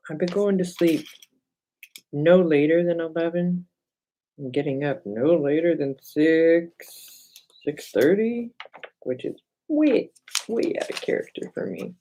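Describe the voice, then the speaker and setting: Her voice low-pitched and dark, a middle-aged woman runs a relaxed crafting livestream at the craft table in her home, chatting with viewers by name and talking herself through each step. The recording is low quality, with slight background noise.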